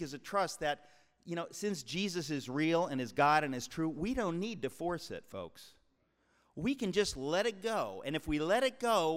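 An author in his sixties from the New York tri-state area gives an emphatic, preacher-like speech to a live audience he calls "folks." His voice is a touch higher than most men's, and the long reverb of a large hall surrounds it.

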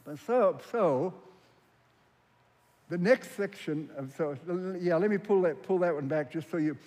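A man's voice: fairly high pitch, animated, a little mellow. Earnest preacher man in a reverberant hall. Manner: earnest and emphatic, drawn-out stressed phrases. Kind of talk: sermon.

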